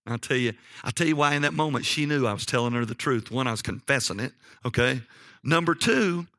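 A man preaching a sermon, telling a personal story and rising in pitch for emphasis. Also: brisk, dry recording, clean studio sound. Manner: animated, jumps up in pitch for emphasis.

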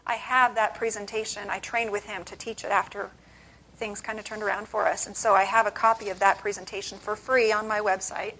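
A woman's voice: mid-range voice, flat delivery, brisk, pushed and bright, poor audio. Woman giving a motivational conference talk. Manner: conversational, poses questions to the audience. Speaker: conference speaker and author.

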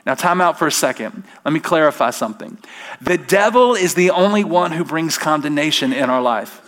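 A man's voice: on the high side, animated, brisk, fairly bright tone. A middle-aged male pastor preaching a sermon from a church stage, emphatic and full of rhetorical questions.

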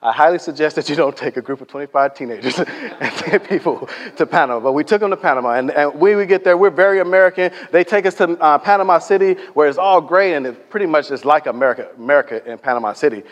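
Man, preacher, sermon, conversational storytelling, fairly high voice, long hall echo. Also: fast, hardly any pauses. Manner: conversational, storytelling, acts out quotes. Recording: echoey hall reverb.

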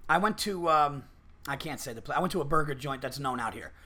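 Bright-voiced, profane storytelling man. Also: mid-range voice, lively intonation, fast. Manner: profane, rambling storytelling with acted-out quotes. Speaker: podcast host. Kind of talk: casual podcast chat.

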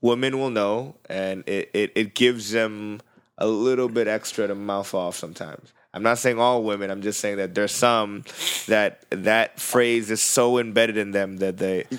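A man's voice: on the low side, fairly even intonation, measured pace, clear, resonant tone. A man co-hosting a podcast, talking in a casual, opinionated way. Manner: opinionated, conversational, reacts with short agreements. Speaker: podcast co-host. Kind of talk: casual chat.

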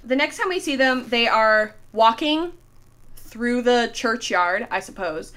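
A Canadian woman co-hosting a podcast, chatting casually about a TV episode and trailing off softly at the ends of her sentences. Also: fairly high pitch, expressive, unhurried. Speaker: podcast co-host.

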